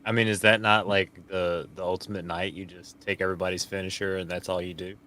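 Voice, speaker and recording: Bright-voiced man making offhand quips. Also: low voice, little pitch movement, fairly quick. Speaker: podcast co-host. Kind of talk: casual wrestling recap chat.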